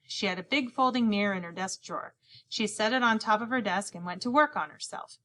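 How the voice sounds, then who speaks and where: An audiobook narrator with a medium-pitched, bright, forceful voice reads a children's novel at a slightly fast clip. She tells the scripted story as a young boy in the first person and acts out the lines of every other character.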